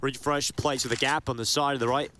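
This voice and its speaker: A man giving rapid play-by-play commentary on a live esports match, rising sharply on big plays. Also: mid-range voice, steady tone, sharp tone, a little hiss or hum.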